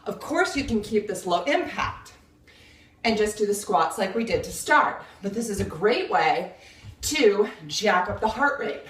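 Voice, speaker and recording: A woman's voice: medium pitch, lively intonation, measured pace. Breathless upbeat woman coaching a workout. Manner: upbeat, counting reps, coaching cues. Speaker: fitness instructor. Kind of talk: home workout instruction. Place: home kitchen. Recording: echoey room, voice from a distance. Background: kitchen clicks, blender.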